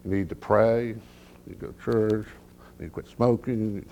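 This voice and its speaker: A middle-aged male pastor preaching a sermon with humorous stories, dropping to hushed low lines and rising to loud emphatic peaks. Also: steady tone, measured pace, a little hiss or hum. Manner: humorous storytelling.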